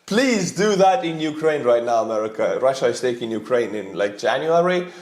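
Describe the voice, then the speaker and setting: A man's voice: medium pitch, big pitch swings, moderate pace, darkish tone, echoey room. A man with an Estonian accent, rambling and chuckling as he reacts to memes. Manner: rambling, chuckling, earnest asides. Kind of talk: casual reaction commentary.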